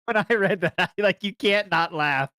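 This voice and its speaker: A man's voice: sits high, unhurried, sharp tone. A man hosting a casual podcast, reading listener questions and trading teasing banter with a laugh. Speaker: podcast host.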